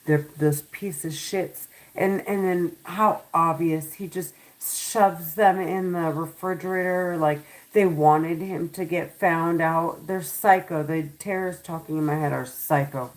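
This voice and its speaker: Low-voiced woman pleading to camera. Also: fairly even intonation, unhurried, hardly any pauses, poor audio. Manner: pleading, repetitive, agitated. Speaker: vlogger. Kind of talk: monologue to camera. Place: home.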